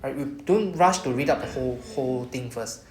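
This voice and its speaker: A woman with a Singaporean accent, teaching Japanese pronunciation in a classroom, patient and slow when repeating words. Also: a bass voice, a little mellow. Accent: Singaporean English. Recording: echoey classroom with faint noise.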